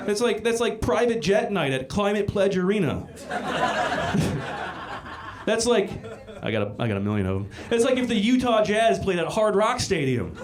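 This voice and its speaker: Man, stand-up comic, animated pitch, crude and rambling, swearing, restarts, comedy club stage, live recording with crowd laughter. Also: brisk, few pauses. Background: audience laughter.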